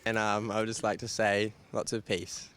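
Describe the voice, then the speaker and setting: A man's voice: fairly low pitch, flat delivery, normal speed, fairly bright tone, clear, resonant tone, dry recording. A man from Australia speaking mildly and politely in a street interview. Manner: mild, apologetic.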